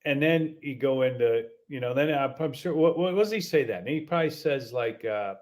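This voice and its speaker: A man's voice: fairly high pitch, expressive. A man hosting a podcast in a casual, exasperated rant, repeating himself with many restarts. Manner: halting, many fillers and restarts. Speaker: podcast host.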